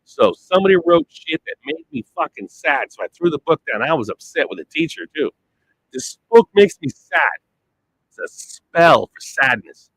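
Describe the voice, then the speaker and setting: A man's voice: a little high, sing-song, normal speed, creaky, bright, forceful tone, slight background noise, rough recording. A man rambling through a blunt, profane monologue, swearing constantly and trailing off before picking his thread back up. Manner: wandering, trails off and restarts.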